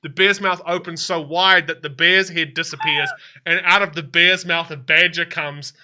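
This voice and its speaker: A man's voice: fairly high pitch, fairly even intonation, moderate pace, bright, forceful tone. A man narrating as dungeon master in a tabletop game, rambling and hesitant, often laughing through his descriptions.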